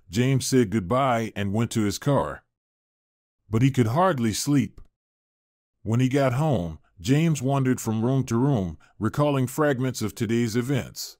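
A man's voice: mid-range voice, lively intonation, unhurried, a little mellow, dry recording. Man narrating a story in a dry voice.

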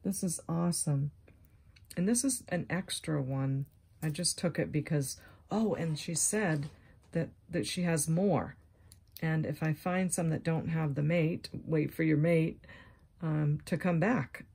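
Low, a little slow, creaky and husky, this woman's scratchy voice belongs to a vlogger casually showing off thrifted jewelry. She gushes with excited exclamations and sometimes drops almost to a whisper.

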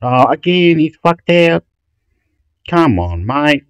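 A man's voice: fairly high pitch, big pitch swings, takes it slowly, clear, resonant tone, no room sound, dull audio. A man from Chile, a channel host who rambles through websites in a profane, rambling commentary full of restarts and swearing. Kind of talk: ranting commentary while browsing websites.

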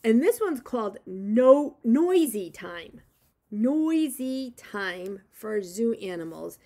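Slow, gentle preschool teacher reading aloud. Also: female voice, a little high, lively intonation. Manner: gentle, slow and encouraging, prompting children to join in. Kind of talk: reading a picture book aloud to young children.

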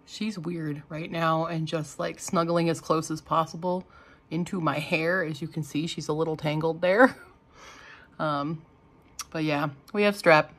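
Hoarse woman vlogging, low slow voice. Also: steady tone, a little hiss or hum. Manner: rambling and wry. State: hoarse from a sore throat. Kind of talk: casual vlog chat. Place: at home indoors.

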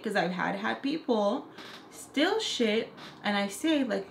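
A woman's voice: medium pitch, animated, slow, creaky, slight background noise. A young woman makeup artist telling a casual storytime, chatty and profane, acting out the people she quotes. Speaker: makeup artist and beauty vlogger. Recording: echoey room.

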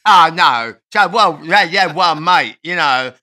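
A man putting on the voice of a boastful aging rock star, loud and drawling, with a bright edge. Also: on the high side, animated, slow pace, voice pushed up, full character voice.

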